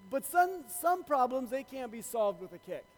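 A man's voice: extremely high pitch, sing-song, normal speed, big-room sound, low-quality recording. A man preaching a sermon to his church, telling a joke in a loose, conversational way with many fillers. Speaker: pastor.

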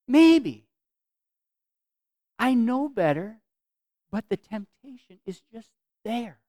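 Earnest, smooth-voiced preacher man. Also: extremely high pitch, no echo, muffled recording. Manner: earnest, repeats phrases for emphasis, swings from loud to soft. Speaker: pastor. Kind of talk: sermon.

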